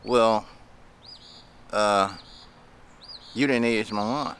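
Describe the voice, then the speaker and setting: A man's voice: lowish voice, fairly even intonation, very slow, a bit bright, a little hiss or hum, heavily acted. A man voicing a fussy complaining lady customer. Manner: fussy, accusing.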